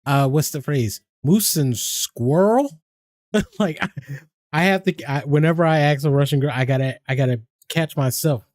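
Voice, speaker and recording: A man's voice: on the high side, fairly even intonation, normal speed, a little mellow, dry recording, clean studio sound. A man, chatting casually and rambling on his game stream, swearing freely and laughing often.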